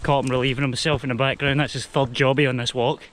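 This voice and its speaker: Here the Scottish vlogger speaks fast at medium pitch with little movement in his voice, chatting to the camera on a mountain climb amid background noise. English is his first language, with Spanish heritage only.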